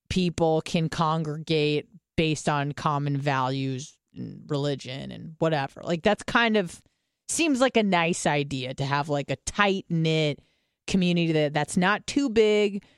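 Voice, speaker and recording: A woman's voice: low voice, clear, resonant tone, no room sound, studio quality. A young woman co-hosting a podcast, chatting casually, rambling and swearing with lots of fillers. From United States. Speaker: podcast co-host. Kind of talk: casual chat.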